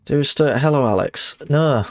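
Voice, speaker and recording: Guy streaming, rambly and self-deprecating, swears a lot, mid pitch. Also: lively intonation, a little slow, no room sound. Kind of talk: casual live-stream chat.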